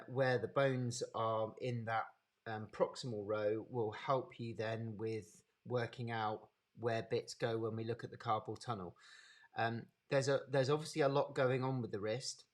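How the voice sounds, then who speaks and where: A man with a Birmingham accent giving an informal anatomy lecture over a live webinar, chatty and unhurried, greeting attendees by name. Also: mid-range voice. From English Midlands.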